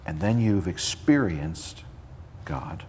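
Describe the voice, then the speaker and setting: A male interviewer with a low voice calmly sums up what he has heard before asking his question. His voice echoes as if in a hall, with faint noise behind him. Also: slow, gravelly.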